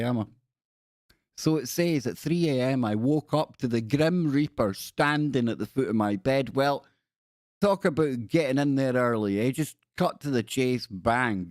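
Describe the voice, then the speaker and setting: Animated and a bit mellow, the man's mid-range voice moves at a moderate pace as he hosts a casual livestream. He reads viewer stories with jokey spooky voices and meandering, playful asides; the sound is clean studio quality with no room sound.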